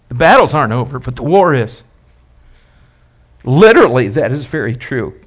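A male pastor preaching a sermon, emphatic and repetitive, asking the congregation questions and building phrases up, then dropping them low. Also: slightly rough. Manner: repeats and builds phrases, rising and dropping loudness.

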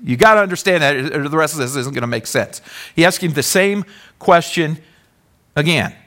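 Animated bright-voiced male preacher. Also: on the high side, normal speed. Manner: animated, swings from loud exclamations to hushed near-whisper; asks the congregation questions, calls for responses. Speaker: pastor. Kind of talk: sermon.

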